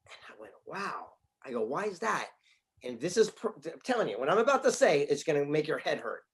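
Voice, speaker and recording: A man, an author and speaker, answering interview questions with animated stories and acted-out dialogue from his office. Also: fairly high pitch, fast talker. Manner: animated storyteller, acts out quoted dialogue.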